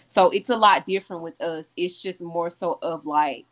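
A Southern woman singer with a somewhat low voice, telling stories in a relaxed way. She slips into the voices of the people she quotes as she talks. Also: normal speed. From Jackson, Mississippi. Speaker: guest singer in an R&B group. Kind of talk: casual interview chat.

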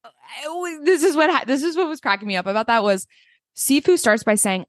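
A woman co-hosting a casual podcast chat, animated and blunt, swearing and mocking people in put-on voices. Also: sits high, fairly quick, dry recording, studio quality. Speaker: podcast co-host.

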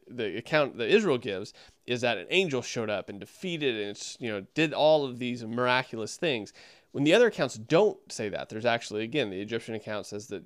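A man's voice: medium pitch, clear, resonant tone, no echo, studio quality. A man casually commenting on and reviewing a sermon, talking conversationally with frequent restarts.

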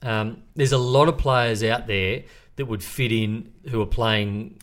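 A man with an Australian accent, a former player, talking football in a relaxed, matter-of-fact way. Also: on the low side, a little slow. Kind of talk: casual footy chat.

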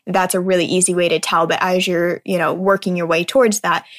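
A woman speaking as a mindset speaker in a casual motivational talk, earnest and conversational, often checking in with her listeners with a quick "right?". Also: on the low side, flat delivery.

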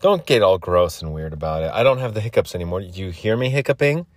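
A man's voice: sits low, animated, fast talker, no echo, clean studio sound. A man rambling crudely and irritably through a solo podcast monologue while hiccuping. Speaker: podcast host.

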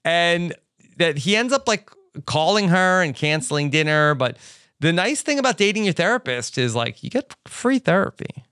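A man's voice: fairly high pitch, very animated, normal speed, fairly bright tone, clean tone, no room sound. A man hosting a podcast, chatting casually in a laid-back, agreeable way with dry humor. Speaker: podcast host. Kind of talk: casual recap chat.

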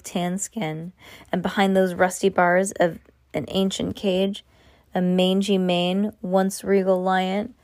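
A woman reading a chapter book aloud in a slow, expressive way, with small restarts. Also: on the low side, dry recording. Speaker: reader.

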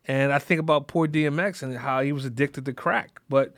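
A podcast host with a medium-pitched, fairly bright voice talks a little fast, with no room sound in the recording. His casual, reflective monologue wanders, packed with "you know" and sentences he keeps restarting.

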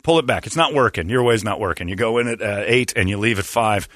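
A man's voice: lowish voice, fast, a bit bright, no echo. A man ranting in a blunt, sarcastic way on a casual talk show, now and then acting out other people's voices. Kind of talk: casual comedic rant.

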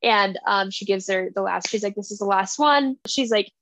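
A woman's voice: medium pitch, normal speed, a bit bright, no echo. A young woman co-hosting a book podcast, chatting casually and emotionally, with lots of "like" and fillers. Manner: gushing, emotional, filler-heavy. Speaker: podcast co-host. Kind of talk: casual chat.

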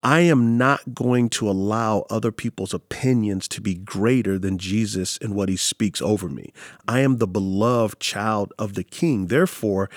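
Pastor guest, lowish voice, lively storyteller, dry booth sound. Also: male voice, no room sound. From San Antonio, Texas. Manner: animated storyteller, acts out quotes. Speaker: pastor and author. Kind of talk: storytelling in an interview.

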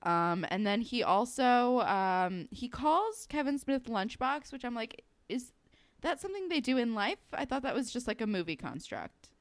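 A woman's voice: fairly high pitch, very animated, moderate pace, no echo. A woman co-hosting a podcast, chatting candidly with wry, profane asides while recapping scenes. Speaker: podcast co-host. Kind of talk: casual recap chat.

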